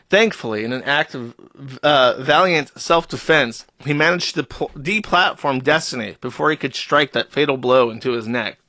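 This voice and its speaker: A man's voice: fairly high pitch, lively intonation, measured pace, sharp tone, dry recording. A man hosting a live stream, reading posts aloud and mocking them in a sarcastic, profane, mock-serious tone. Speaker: streamer host.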